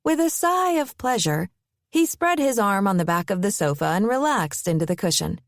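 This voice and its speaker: A woman narrating a romance audiobook in an expressive, measured reading. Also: medium pitch, dry recording, studio quality. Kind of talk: scripted narration.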